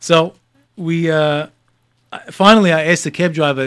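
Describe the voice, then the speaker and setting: Middle-aged man, casual storytelling, halting with fillers, rather high voice, dry close sound. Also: no echo. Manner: halting, many fillers and restarts, animated when excited. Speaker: guest telling a story.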